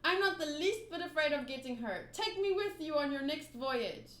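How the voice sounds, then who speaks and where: A woman's voice: high-pitched, animated, normal speed, fairly bright tone. A woman voicing an eager young boy who wants to be a pirate, reading his lines earnestly and insistently. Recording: roomy room echo.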